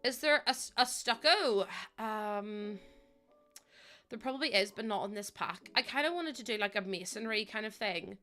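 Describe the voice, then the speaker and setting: Bright-voiced chatty woman streamer. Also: medium pitch, lively intonation, moderate pace, faint music behind. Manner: chatty, rambling, thinks aloud, thanks viewers often. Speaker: live streamer. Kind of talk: casual live-stream chat while building in a game.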